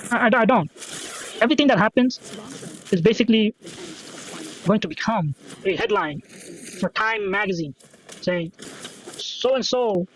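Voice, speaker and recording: A man's voice: sits high, very animated, normal speed, creaky, long pauses, slight background noise, low-quality recording. A man hosting a solo podcast, rambling and swearing, with lots of fillers and restarts as he repeats himself. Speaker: podcast host.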